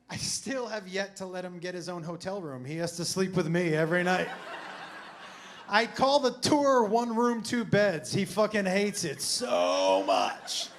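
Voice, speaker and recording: A man doing stand-up storytelling on stage, animated and profane, laughing through his punchlines. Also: high-pitched, slight background noise. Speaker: stand-up comedian.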